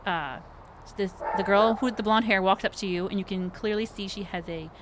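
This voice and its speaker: A woman's voice: medium pitch, brisk, noisy background. Easygoing woman running a tabletop game. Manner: casual, hesitant, many fillers. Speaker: game master.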